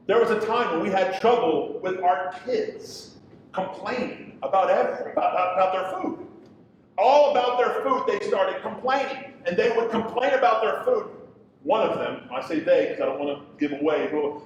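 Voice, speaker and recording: A middle-aged male pastor preaching, impassioned, swinging from loud pleading questions to quiet storytelling. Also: a little high, slight background noise. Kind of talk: sermon. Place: church hall. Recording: echoey hall from far off.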